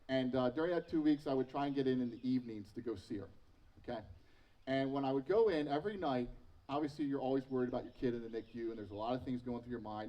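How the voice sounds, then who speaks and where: A man's voice: on the high side, far from the mic, lo-fi sound. A man in his thirties preaching a sermon as pastor, telling personal stories with self-mocking humor. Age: 30s.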